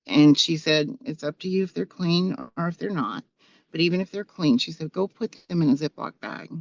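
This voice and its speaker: A woman gently telling how advice from a friend helped her through grief. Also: low-pitched, fairly quick. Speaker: guest. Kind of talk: emotional personal conversation. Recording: dull, dry sound.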